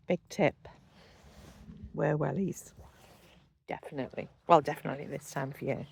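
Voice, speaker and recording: A woman's voice: low-pitched, steady tone, moderate pace, vocal fry, pauses often, breathy edge, low-quality recording. A middle-aged woman chatting casually in a walking vlog, rambling like a tour guide with lots of ums and easy asides. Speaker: vlogger showing a walking spot.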